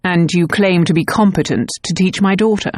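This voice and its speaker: A woman's voice: fairly low pitch, normal speed, darkish tone, no room sound, clean studio sound, natural voice. A woman voicing a blunt, guarded aristocratic father who questions curtly. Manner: curt, brusque questioning.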